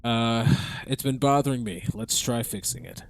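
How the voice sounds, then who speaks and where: A man's voice: mid-range voice, moderate pace, a little hiss or hum. A man streaming a video game, chatting casually, laughing and reading on-screen words aloud. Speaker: gaming streamer. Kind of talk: casual let's-play commentary.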